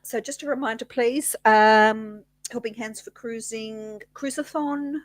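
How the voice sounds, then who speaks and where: A woman's voice: fairly high pitch, fairly even intonation, measured pace, dry recording. An Australian woman co-hosting a casual live-stream chat, cheerfully chiming in.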